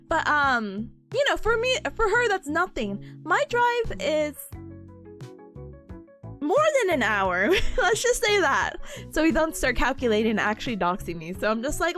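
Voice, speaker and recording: Bubbly, high-voiced young woman streamer, giggly and animated. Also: soft background music. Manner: bubbly, giggly, gushing, quick to laugh. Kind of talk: casual study stream chat.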